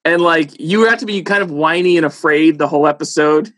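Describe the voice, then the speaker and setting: A man's voice: on the high side, brisk, fairly bright tone. A man hosting an interview, asking curious and chatty questions. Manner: curious, chatty, many likes. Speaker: interviewer host.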